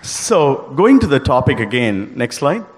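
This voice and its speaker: A man's voice: mid-range voice, very animated, big-room sound, a faint crowd, a little hiss or hum. Earnest man giving a devotional talk. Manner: earnest, halting, with frequent restarts. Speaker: devotional speaker leading group singing.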